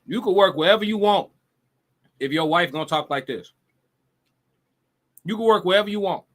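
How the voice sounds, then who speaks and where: Man, live show host, high voice, bright tone, blunt, profane, mocking. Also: moderate pace. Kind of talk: casual reaction commentary.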